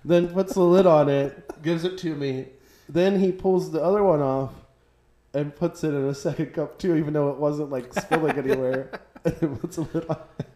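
A man chatting casually as a podcast co-host, an animated storyteller who laughs as he talks. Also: a little high, normal speed. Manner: animated storyteller, laughing through his anecdotes. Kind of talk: casual chat. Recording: roomy echoey room.

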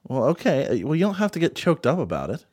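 Deadpan straight-man host, lively pitch. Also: fast talker, no echo, clean studio sound. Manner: patient straight man, dryly questioning. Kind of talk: comedy podcast chat.

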